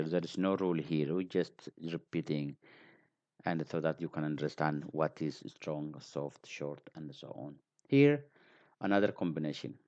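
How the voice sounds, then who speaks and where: Slow, very deep-voiced man teaching. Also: darkish tone. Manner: patient, repeats example words, frequent fillers. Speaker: language teacher. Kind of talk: slow spoken lesson. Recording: dull lo-fi recording.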